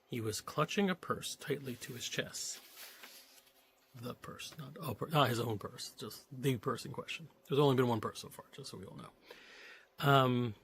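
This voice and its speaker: A man's voice: medium pitch, normal speed, a little hiss or hum. A man reading a novelization aloud, stopping now and then to joke and comment on the story. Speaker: reader of a novelization.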